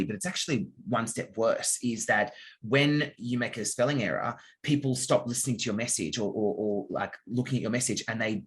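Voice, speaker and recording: A man speaking as a copywriter guest in an interview, giving casual answers and explaining with examples, now and then acting out readers' reactions in quick asides. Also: mid-range voice, a bit bright.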